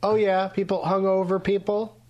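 A man hosting a podcast in a casual chat, relaxed and full of fillers. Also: sits high, dull audio. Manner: relaxed, drawn-out filler-heavy delivery. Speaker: podcast host.

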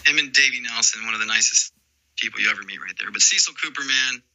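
A man in his forties, a former baseball player, telling rambling, animated stories in a casual interview. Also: mid-range voice, fast, rough recording. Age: 40s. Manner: rambling, animated storytelling full of "dude" and "man".

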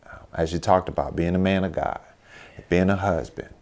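A man hosting a faith podcast, thanking his guest in a halting way with many fillers. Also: low voice, fairly even intonation, a little mellow. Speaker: podcast host. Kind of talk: casual interview talk.

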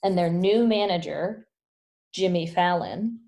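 A woman in casual chat, retelling a film's plot as an animated storyteller who leans on "like" a lot. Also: on the low side, a little slow, vocal fry. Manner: animated storyteller, heavy use of "like".

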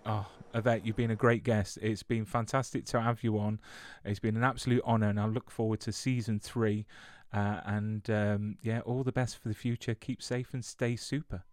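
A man's voice: on the low side, little pitch movement, moderate pace, a little mellow, dry recording, studio quality. A man hosting a podcast interview, polite and effusive with stumbling restarts. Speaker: podcast host.

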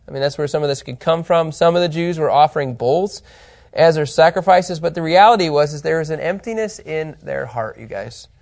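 A man teaching an informal Bible lesson, animated and chatty, often checking in with his listeners and his co-host. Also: a little high.

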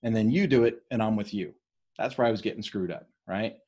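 A man from the East Coast of the US leading a casual study of a leadership book, talking fast and often checking in with "right?". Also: fairly low pitch, warm tone, husky, muffled recording.

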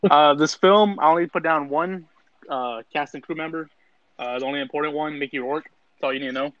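A man's voice: a little high, fairly quick, no echo, highs cut off. A man co-hosting a podcast in casual chat, laid-back and loose as he runs through the episode. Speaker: podcast co-host.

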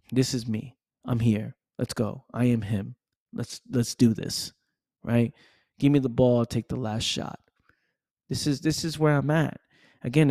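This motivational speaker's voice is mid-range, gravelly, and dark. He speaks emphatically, repeating himself and sprinkling in "right?" and "man." The studio recording is clean, with no echo.

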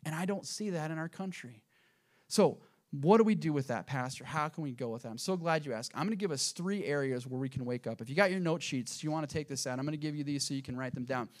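In a church auditorium, a pastor with a fairly high voice and quick pace preaches a sermon straight to the congregation. He swings between hushed asides and loud, emphatic peaks.

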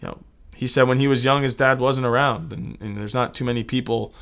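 A man's voice: medium pitch, fairly even intonation, fairly quick, vocal fry, fairly bright tone, clear, resonant tone. A man from the United States co-hosting a casual sports talk show, earnest and reflective, often repeating words. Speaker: sports podcast co-host.

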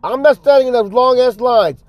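A man imitating a loud, defiant male shopper who announces he won't wait in line. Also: extremely high pitch, moderate pace, no room sound, voice pushed up. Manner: loud, proclaiming to a crowd.

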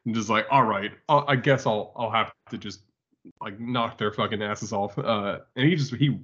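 A man's voice: lowish voice, moderate pace, fairly bright tone. A man in casual chat as a podcast co-host, laughing often and chiming in, with some cursing. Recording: slightly dull recording.

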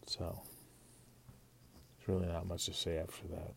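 Slow, gravelly-voiced man rambling. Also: low-pitched, monotone. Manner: rambling, halting, profane. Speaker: podcast host. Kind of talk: casual solo podcast monologue.

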